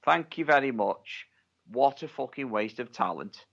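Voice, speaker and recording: A man's voice: medium pitch, lively intonation, measured pace, creaky, a bit bright, lo-fi sound. A man co-hosting a podcast, chatting casually with blunt, sweary opinions. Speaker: podcast co-host. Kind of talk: casual wrestling chat.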